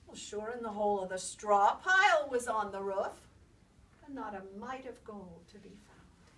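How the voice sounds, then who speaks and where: A woman storyteller telling a folk tale aloud in an expressive, lilting way. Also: mid-range voice, moderate pace. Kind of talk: oral storytelling. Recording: distant mic, faint background noise.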